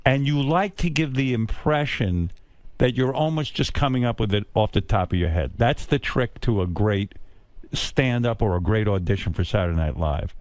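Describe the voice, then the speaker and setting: Casting: male talk-radio host, teasing, stammers, animated pitch, dry studio mic. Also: dry recording. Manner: probing, teasing, stammering repeats. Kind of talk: casual interview chat.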